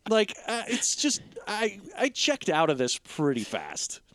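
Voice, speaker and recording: A man with a high, very lively voice, talking through a film with friends and bouncing through mock dialogue. The sound is dry and close to the mic, with no room around it. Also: unhurried, no room sound. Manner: animated, acts out scenes in quoted asides. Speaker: podcast co-host. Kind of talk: casual movie-review chat.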